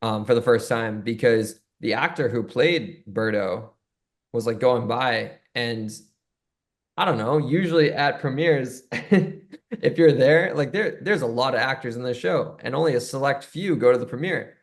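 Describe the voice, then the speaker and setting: A man guesting on a podcast who tells loose, chatty anecdotes in a relaxed conversational way. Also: mid-range voice, a little slow. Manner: chatty storyteller, loose and rambling. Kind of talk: casual anecdote telling.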